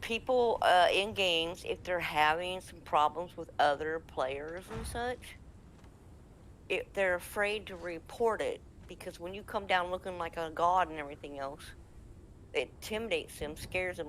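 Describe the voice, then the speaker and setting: A woman's voice: fairly low pitch, a little slow, a little hiss or hum. Midwestern woman telling a game story. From American Midwest. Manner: lively, laughing, acts out quotes. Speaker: game server admin. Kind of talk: casual storytelling chat.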